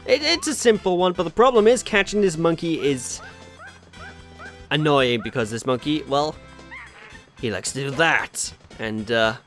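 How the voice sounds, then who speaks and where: A man with a Welsh accent talks over his gameplay in a chatty, exasperated way. His voice sits a little high and bounces around a lot. Faint game music plays underneath. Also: animated, a little slow, long pauses, fairly bright tone. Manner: chatty, exasperated, mildly sweary. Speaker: let's play host. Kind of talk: casual gameplay commentary.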